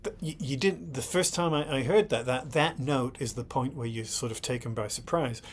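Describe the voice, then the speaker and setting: A man's voice: mid-range voice, moderate pace. Middle-aged male host breaking down lyrics, ordinary mid-range voice, faint background hiss, thinks aloud, keeps asking "right?". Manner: thoughtful, repeatedly checks in with "right?"; blunt and exasperated when scolding critics. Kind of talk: analytical commentary on song lyrics.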